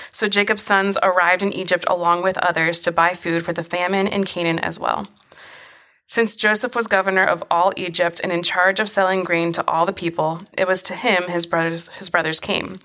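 Chatty lady podcast co-host, says like a lot, lowish voice, reads scripture too. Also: bright, forceful tone. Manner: chatty, filler-heavy, laughs often. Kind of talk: casual chat and scripture reading.

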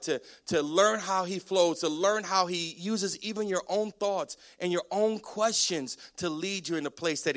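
A male pastor preaching with high pitch and lively, storytelling energy. He restarts his phrases often as he builds a point. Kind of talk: sermon.

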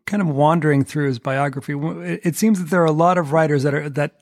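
Woman, host, very low voice, halting, thoughtful, dry recording. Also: steady tone, a little mellow, dry recording. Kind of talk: casual conversation.

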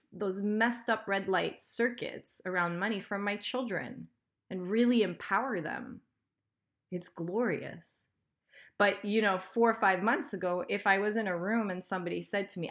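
A woman's voice: medium pitch, a bit bright. A woman hosting a podcast, giving a candid motivational monologue, emphatic, swearing freely and laughing often. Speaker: podcast host.

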